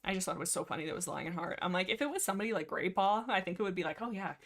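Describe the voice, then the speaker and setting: A woman hosting a livestream from a room at home, chatting casually about books in a rambling, excitable way with frequent laughs. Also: lowish voice, rapid-fire. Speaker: livestream host. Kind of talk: casual book chat. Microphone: desk mic.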